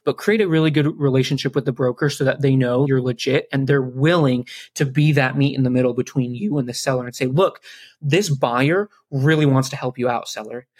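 A man's voice: mid-range voice, steady tone, a little fast, darkish tone, no room sound. Guy from south carolina on a podcast, earnest, giving advice step by step. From South Carolina, USA. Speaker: podcast guest. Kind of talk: casual podcast interview.

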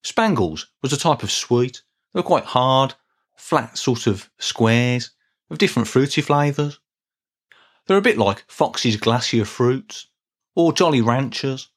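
A man's voice: mid-range voice, lively intonation, measured pace. A middle-aged man hosting a solo podcast, talking in a chatty, rambling, self-deprecating way with small restarts. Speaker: podcast host. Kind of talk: casual solo podcast talk.

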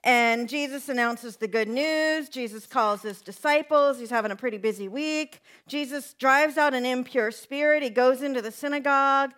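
A woman pastor giving a conversational sermon, acting out quoted prayers and dropping to soft, quiet lines. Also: high-pitched, moderate pace, hardly any pauses. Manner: conversational preaching, acts out quoted prayers, drops to soft near-whispers.

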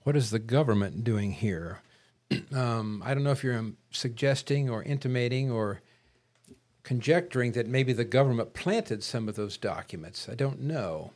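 Measured, throat-clearing man in a talk podcast. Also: medium pitch, a little mellow. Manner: measured, wordy, clears his throat often. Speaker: podcast co-host. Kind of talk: casual political discussion.

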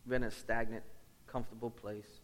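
Male lead pastor, mid-pitched, earnest storytelling sermon voice, long church reverb. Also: little pitch movement, fairly quick. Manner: earnest, storytelling with repeated phrases. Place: church sanctuary.

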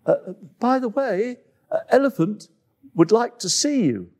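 A man voicing a gentle, slightly reproachful male antelope who hesitates with small fillers. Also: very high-pitched, lively intonation, a little slow, voice pushed up.

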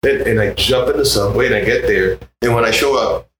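A man in his sixties from Puerto Rico with a Puerto Rican accent, a guest musician telling animated stories in a casual interview. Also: a little fast. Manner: animated, acts out other people's voices in high tones. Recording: roomy with faint background noise.

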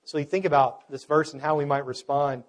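A man's voice: fairly high pitch, flat delivery, fairly quick. A man preaching a sermon as pastor, earnest and emphatic, building points through repeated phrases.

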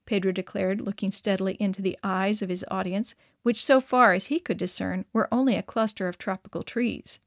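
A woman narrating a story aloud in a steady, expressive reading voice. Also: mid-range voice, normal speed, dry recording, clean studio sound.

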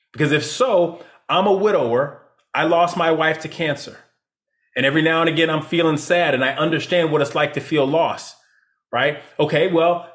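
A man's voice: a little high, fairly bright tone. Emphatic man speaking as a guest. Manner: emphatic, rhetorical "right?" tags. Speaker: leadership consultant guest. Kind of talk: interview answers.

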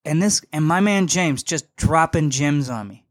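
A young man hosting a podcast, telling a story in a casual, animated and slangy way, emphatic and full of asides. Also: fairly high pitch, unhurried, dry recording, studio quality. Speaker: podcast host.

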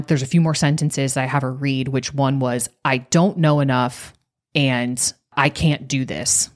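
A woman coach talking on a podcast, guiding listeners through an exercise and telling a story from a workshop in an animated way. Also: low-pitched. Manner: animated, acts out quoted voices.

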